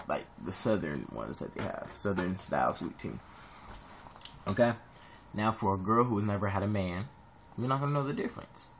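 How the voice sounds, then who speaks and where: A young man from Ohio talks to his camera in a low, gravelly voice. He rambles through casual advice, jumping suddenly up high for emphasis. A faint hiss sits under the home recording. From Columbus, Ohio. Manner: rambling, animated, sudden high-pitched jumps. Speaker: vlogger giving advice.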